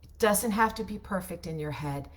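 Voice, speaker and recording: A woman coach talks through voiceover tips in a loose, conversational way, in a slightly low voice. She keeps checking in with tag questions and doesn't polish every phrase. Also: animated, normal speed. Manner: chatty, ends points with tag questions; loose, unpolished delivery with restarts. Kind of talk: casual on-camera teaching.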